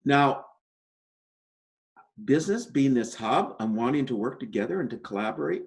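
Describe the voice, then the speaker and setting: A man answering interview questions in an easy, measured way, often tagging points with "right?" and "you know". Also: medium pitch, lively intonation, gravelly. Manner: optimistic explainer. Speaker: interview guest.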